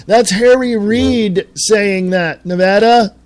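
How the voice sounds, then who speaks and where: A man's voice: sits high, slow pace. A middle-aged man from the United States hosting a talk radio show, reading quotes aloud and ranting with profanity. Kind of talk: angry political commentary.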